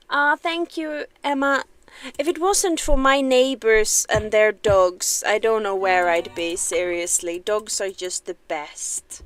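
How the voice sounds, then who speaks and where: A woman's voice: fairly high pitch, slow, fairly bright tone. A young woman casually chatting on a game livestream, self-deprecating and laughing often. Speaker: game streamer.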